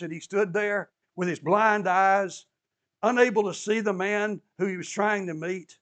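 Male preacher telling a bible story, emphatic, repeats stuff, kinda high voice. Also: fairly bright tone. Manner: emphatic storyteller who repeats key phrases, with touches of humor. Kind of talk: sermon.

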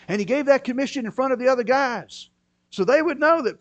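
A man preaching a sermon, moving between quiet, low asides and loud, emphatic bursts. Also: expressive, fairly quick, dry recording. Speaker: pastor.

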